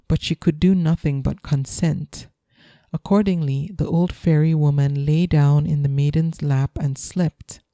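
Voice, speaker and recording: A woman reads a folktale in a slow, soothing bedtime style. Her voice is very dark and mellow. The sound is close and dry. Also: sits low, dry recording. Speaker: storyteller. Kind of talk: calm bedtime story reading.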